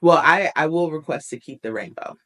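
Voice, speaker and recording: A young adult woman hosting a casual chat, bubbly and quick with asides. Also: sits low, expressive, fairly bright tone. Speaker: host.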